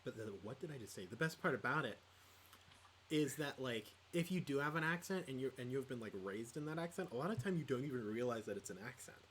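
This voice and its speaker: Podcast co-host, male, easygoing ramble, lots of ums and restarts, mid-pitched. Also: expressive, fast, fairly bright tone, slight background noise. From Midwest United States. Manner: rambling, many fillers and restarts. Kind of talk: casual chat about tabletop gaming.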